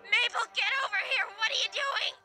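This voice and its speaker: Woman doing a stressed suburban mom, shrill, shouting, very bright, faint music behind. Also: a little fast, exaggerated voice. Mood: frantic. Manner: shrill, frantic shouting across a distance. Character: stressed suburban mom yelling for her kid.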